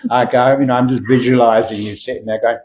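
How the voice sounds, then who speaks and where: Man, host, mellow dark voice, gentle and encouraging, muffled lo-fi sound. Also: medium pitch, flat delivery, fast talker, a little hiss or hum. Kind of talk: casual interview conversation. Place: castle room, filmed live. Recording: slightly dull lo-fi sound.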